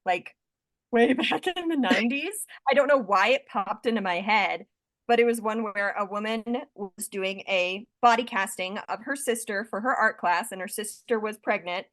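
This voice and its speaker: A woman's voice: medium pitch, moderate pace, fairly bright tone, no echo. Chatty woman author, dry sound. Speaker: guest author. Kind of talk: casual chat.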